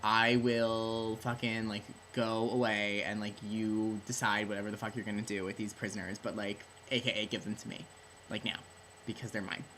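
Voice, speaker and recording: A man's voice: lowish voice, flat delivery, normal speed, a bit bright, a little hiss or hum, close to an everyday voice. A man doing a bossy, petulant slangy king. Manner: casual slang, swearing. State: tipsy. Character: petulant slangy middle-aged male king.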